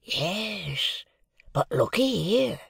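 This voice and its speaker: Old convict, slow and husky, hoarse hush; narrator voices him. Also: male voice, sits high, sing-song, dry recording, clean studio sound, pitched above the performer's own voice, heavily acted. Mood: earnest, confiding. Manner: coarse dialect, hoarse hushed urgency. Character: rough older male convict, fiercely devoted.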